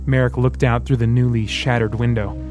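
A man narrating an audiobook in a steady, dramatic storytelling manner. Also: medium pitch, fairly quick, music in the background. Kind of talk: scripted narration.

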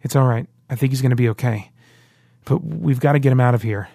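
A man's voice: mid-range voice, fast, gravelly, mellow, no room sound, clean studio sound. A man voicing a defiant adult male rebel in an audiobook, blunt and heated. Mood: urgent. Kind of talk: audiobook character voice.

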